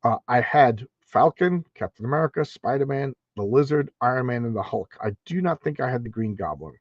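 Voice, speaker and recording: A man's voice: medium pitch, lively intonation, fairly quick, no room sound, highs cut off. A man casually reading through an old comic and commenting on it, rambling with restarts and asides. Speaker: comic book reviewer.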